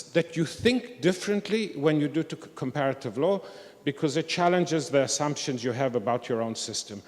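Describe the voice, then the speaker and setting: An older man with a mid-range, darkish voice gives a reflective, candid talk at an academic conference. The large historic hall lends the recording a long reverb.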